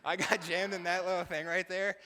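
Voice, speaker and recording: A man's voice: sits high, little pitch movement, brisk, sharp tone. A man, a missionary pastor, giving a casual, chatty talk over slides, laughing often and joking about himself. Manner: chatty, laughing, self-deprecating asides. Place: church hall. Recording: long hall reverb.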